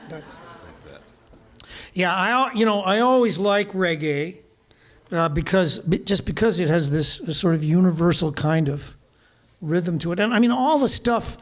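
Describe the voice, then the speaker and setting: Older man with a high, easygoing voice. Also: measured pace. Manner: easygoing, chuckling, restarts often. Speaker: guest musician. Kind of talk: casual onstage chat. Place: live music venue with audience.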